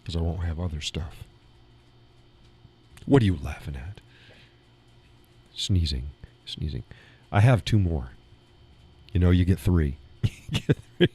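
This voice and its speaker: A man with a deep, mellow, slightly husky voice chats casually on his live stream. He rambles from one thought to the next and breaks into chuckles often, recorded in a small home studio. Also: takes it slowly, long pauses. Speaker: live show host.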